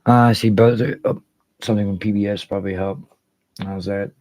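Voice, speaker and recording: A man's voice: fairly low pitch, steady tone, moderate pace, a little mellow, no echo, rough recording. A man hosting a casual livestream, rambling and swearing freely while greeting viewers by name. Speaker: livestream host.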